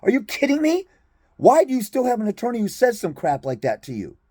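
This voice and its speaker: A man's voice: very high voice, wildly swooping pitch, fairly quick, mellow, no room sound, clean studio sound. A man ranting bluntly and profanely to his viewers as a fathers' rights advocate, exasperated and confrontational.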